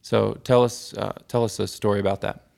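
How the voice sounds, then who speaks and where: A man hosting a casual conversation, asking questions and adding thoughts with a hesitant, halting manner. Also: fairly low pitch, little pitch movement, vocal fry, a little mellow. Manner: hesitant, many fillers and restarts. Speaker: podcast host.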